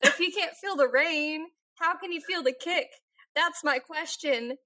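A woman's voice: sits high, moderate pace, bright, forceful tone. A woman co-hosting a podcast in casual chat, teasing and playfully arguing her points. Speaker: podcast co-host.

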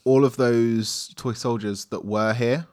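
Relaxed man running a tabletop game. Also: mid-range voice, slow pace. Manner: relaxed, hesitant descriptions. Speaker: game master.

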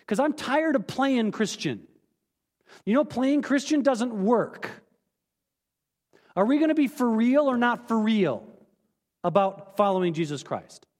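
Earnest preacher with wide-swinging pitch. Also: male voice, big-room sound. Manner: earnest, candid, emphatic, with sudden drops to quiet. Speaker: pastor. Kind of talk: sermon. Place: church sanctuary.

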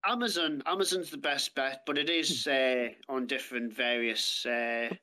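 Blunt, bright-voiced British man. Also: medium pitch, steady tone, moderate pace. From Britain. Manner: blunt, heavy swearing, plain-spoken. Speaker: podcast guest, author. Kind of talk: casual storytelling chat. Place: podcast studio.

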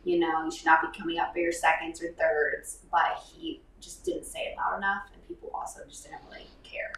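Lower-voiced young woman, mic a bit distant. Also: steady tone, fairly quick, fairly bright tone. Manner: chatty, emphatic, voice drops low at the ends of lines. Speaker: podcast co-host, wedding planner. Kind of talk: casual chat.

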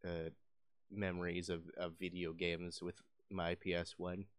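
A man's voice: sits low, monotone, a little slow, clean tone, no echo, clean studio sound. A young man co-hosting a casual gaming chat, reacting easily and swearing now and then. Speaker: podcast co-host.

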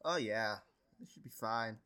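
A young man co-hosting a podcast in casual chat, easygoing and quick to laugh. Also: fairly low pitch, pushed and bright, clean tone. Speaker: podcast co-host.

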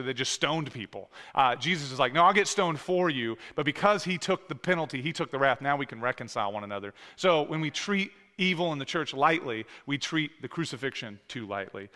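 A man's voice: fairly high pitch, pushed and bright. A man in his thirties, a pastor preaching a sermon in a casual, conversational way, with many fillers and restarts. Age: 30s. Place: church sanctuary with long reverb. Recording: echoey hall reverb.

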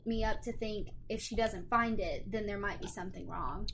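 Young woman, podcast co-host, expressive and emotional storyteller, casual chat. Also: medium pitch, normal speed, noisy background. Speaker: podcast co-host, expecting mother.

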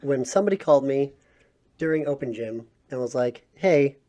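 A man's voice: medium pitch, expressive, fairly quick, warm tone, muffled recording. A man co-hosting a casual podcast, telling a story about himself in a wry, self-deprecating way. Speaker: podcast co-host. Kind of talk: casual chat.

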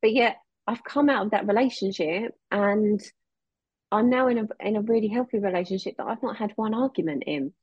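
Woman guest counsellor, raspy, earnest, muffled dry sound. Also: mid-range voice, a little fast, dry recording. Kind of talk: casual chat. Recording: dull, dry close mic.

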